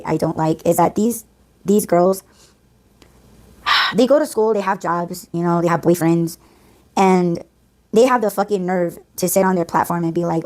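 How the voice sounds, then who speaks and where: A woman's voice: mid-range voice, a little mellow. A woman hosting a casual podcast, ranting in a blunt, profane, exasperated way. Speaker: podcast host.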